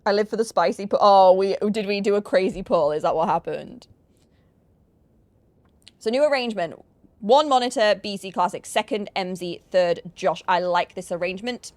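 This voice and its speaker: A woman's voice: medium pitch, a little mellow, dry recording. A woman from Yorkshire with a northern English accent, chatting and teasing her viewers in a casual live stream while she plays a game. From Yorkshire, England. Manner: chatty, teasing, jokey banter with chat.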